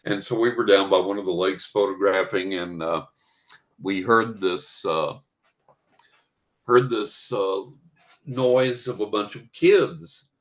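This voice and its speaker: An older man with a fairly low voice rambles through a story. He chuckles as he goes in a casual podcast interview. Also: takes it slowly, pauses often. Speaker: guest psychic and author.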